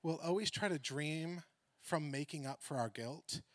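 Animated man preaching with a story. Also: fairly high pitch, unhurried, no room sound. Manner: animated storytelling, laughs often, swings from excited to hushed. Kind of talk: sermon with personal story.

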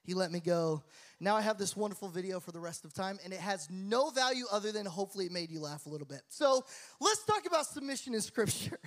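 A man preaching a sermon as the pastor. He tells stories in a lively, joking manner and often laughs at his own tales, then moves into Bible teaching. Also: sits high, fast. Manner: animated, jokey storyteller who laughs at his own tales. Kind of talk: sermon with storytelling.

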